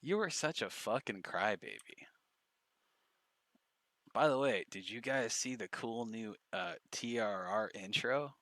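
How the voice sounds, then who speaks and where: A man's voice: lowish voice, lively intonation, measured pace, fairly bright tone, no echo. A man streaming, giving casual, profane, mocking commentary on clips.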